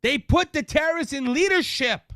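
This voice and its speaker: Cajun male political host, heated rant, bright sharp high voice, dry studio sound. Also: expressive, moderate pace, no echo. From Louisiana. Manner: impassioned, raises voice, repeats words as he restarts. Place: studio with a monitor.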